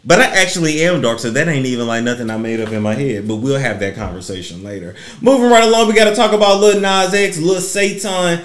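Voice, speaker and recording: A man's voice: mid-range voice, fast, hardly any pauses, a bit bright. A man hosting a celebrity gossip vlog, ranting bluntly and profanely in a preachy way. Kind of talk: ranting commentary. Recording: roomy echo.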